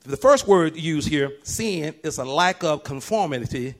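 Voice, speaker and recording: A male pastor preaching a lively sermon, moving from quiet talk to loud shouts and laughing with his congregation. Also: unhurried. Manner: animated, swings from low and quiet to shouting.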